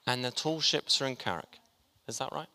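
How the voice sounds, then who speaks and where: A man's voice: medium pitch, animated, moderate pace, pushed and bright. A man preaching a sermon, chatty and joking with his congregation as he talks. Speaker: pastor. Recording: long hall reverb.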